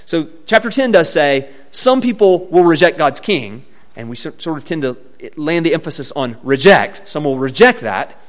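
A man preaching a sermon to his congregation, with expressive delivery that swings in pitch and volume. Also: normal speed. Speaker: pastor.

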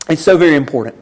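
A preacher delivering an expository sermon, emphatic and turning to the congregation with rhetorical questions. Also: medium pitch.

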